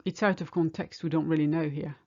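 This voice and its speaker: A woman with a fairly low voice teaches a French lesson, explaining in English and slowing right down to say each French phrase clearly. The sound is a little dull and lo-fi. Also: fairly even intonation, warm tone. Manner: clear, deliberate, slows down to model French phrases. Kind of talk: language lesson.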